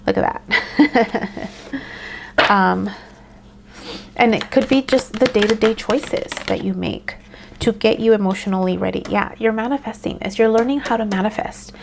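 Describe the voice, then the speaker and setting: Gravelly-voiced woman reading tarot. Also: mid-range voice, moderate pace, slight background noise. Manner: meandering, with frequent ums and soft laughs. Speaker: tarot reader.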